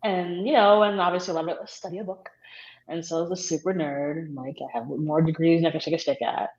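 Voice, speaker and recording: A woman's voice: sits low, steady tone, quick pace, darkish tone, a little hiss or hum. A woman born in England and raised in New York, chatting casually as a podcast guest with lots of fillers and laughter. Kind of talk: casual chat. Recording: roomy lo-fi sound.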